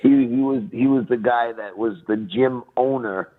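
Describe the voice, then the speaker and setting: Blunt retired boxer over a phone line. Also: male voice, mid-range voice, moderate pace. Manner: blunt and laughing. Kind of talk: casual interview chat. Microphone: phone call.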